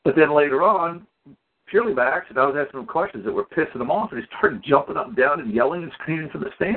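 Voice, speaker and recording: A man telling stories in a casual community call, animated and acting out the people in them. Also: on the high side, quick pace. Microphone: phone or call audio. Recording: tinny phone line.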